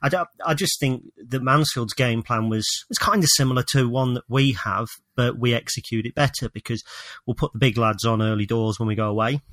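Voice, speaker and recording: Male co-host, mid pitch, dry home-office sound, opinionated, halting delivery. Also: fairly bright tone, no echo. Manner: opinionated, hesitant with restarts. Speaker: podcast co-host. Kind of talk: casual football chat.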